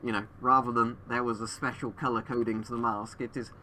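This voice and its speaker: Man, streamer, rambling casual chat, bright forceful tone, muffled gas mask, webcam at home, faint background hum. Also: mid-range voice, little pitch movement, brisk, few pauses. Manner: rambling, thinking aloud with fillers. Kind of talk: live-stream chat answering viewers.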